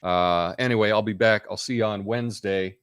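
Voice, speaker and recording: A man's voice: fairly low pitch, fairly even intonation, fairly quick, smooth, no echo, studio quality. A man hosting a casual live stream, rambling in an offhand way and reading out chat comments.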